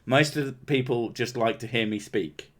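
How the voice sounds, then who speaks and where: A man's voice: medium pitch, normal speed. Man with a southern English accent, near-posh, hosting a stream; loose, jokey and sweary. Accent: southern English, Home Counties. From Home Counties, England. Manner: swears a lot, loose and joking. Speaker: streamer host. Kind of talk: casual livestream chat.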